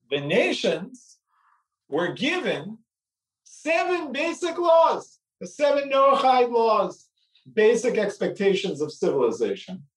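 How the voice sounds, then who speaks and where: Animated male teacher walking a class through a text; lively delivery, roomy distant sound. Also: fairly high pitch. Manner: animated, acts out the story, asks "right?" often. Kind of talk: text study lecture. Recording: roomy echo, speaker away from mic.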